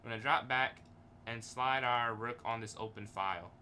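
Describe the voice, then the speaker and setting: A man's voice: medium pitch, normal speed, sharp tone, slight background noise. A man streaming a chess game, thinking aloud in casual, hesitant commentary and chuckling often.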